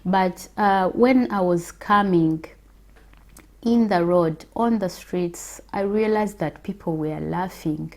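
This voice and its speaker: A woman from Africa gives a personal faith testimony at a very unhurried pace. Her voice is low-set and mellow, and she pauses often with soft fillers as she reflects. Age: adult with children. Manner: slow and reflective, with hesitant fillers.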